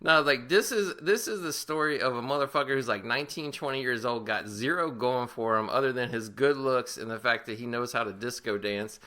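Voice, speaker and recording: A man's voice: mid-range voice, a little fast, few pauses, sharp tone. A man co-hosting a podcast, giving a profane, rambling movie recap and laughing often. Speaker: podcast co-host. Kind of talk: casual movie review chat.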